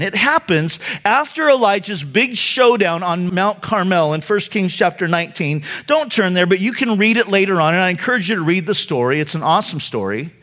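A man's voice: sits high, fairly bright tone. A male pastor giving a sermon in an earnest, conversational way, speaking directly to his listeners.

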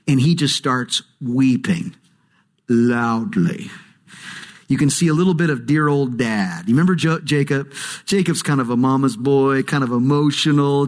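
A man preaching a sermon, reading scripture and then talking in a relaxed, joking, emphatic way. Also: a little high. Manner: conversational, jokey preaching with emphatic swings. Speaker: pastor.

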